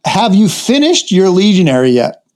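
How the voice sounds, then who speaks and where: A man co-hosting a gaming podcast, easygoing and quick to laugh in casual chat. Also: high-pitched, very animated, darkish tone. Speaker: podcast co-host.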